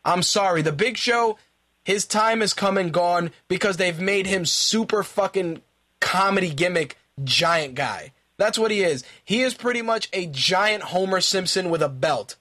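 A man with a high voice delivers ranting commentary as a radio host. His talk is profane and exasperated, and he fires off the same question again and again when he gets worked up. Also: animated, unhurried, sharp tone. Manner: repeats himself in angry bursts.

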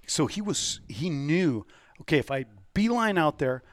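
A man's voice: fairly high pitch, lively intonation, unhurried. A man co-hosting a chat, chiming in with teasing jokes. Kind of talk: casual chat.

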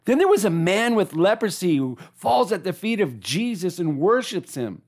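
A preacher delivering a sermon, animated, asking listeners to repeat key lines back. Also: medium pitch, normal speed, hardly any pauses.

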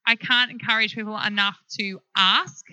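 A woman business founder speaking on a live panel, a frank, animated storyteller. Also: medium pitch, moderate pace, clear, resonant tone, no echo, muffled recording.

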